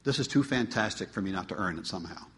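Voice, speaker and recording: A man preaching a sermon to his congregation, asking them questions and swinging between emphatic, pleading peaks and quiet asides. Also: sits low, expressive, fast talker. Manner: asks the congregation rhetorical questions. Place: church. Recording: long hall reverb.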